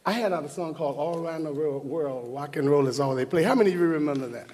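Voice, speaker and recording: A man's voice: a little high, animated, fast talker, a little mellow, a faint crowd. A man giving an exuberant ceremony speech on stage, hollering, whooping and laughing as he talks, bursting into bits of singing. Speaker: speaker at an awards ceremony. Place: large hall on stage. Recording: large hall reverb with faint music.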